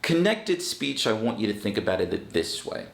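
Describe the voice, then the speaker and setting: A man giving an online English lesson, talking slowly and deliberately with firm emphasis. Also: on the low side, very animated, creaky, reverberant. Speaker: English teacher.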